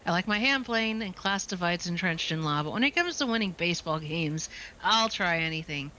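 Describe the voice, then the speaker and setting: A woman voicing a stuffy, conservative male baseball coach with a pompous, gruff manner. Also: lowish voice, animated, brisk, pushed and bright, slight background noise, low-quality recording. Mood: blustering.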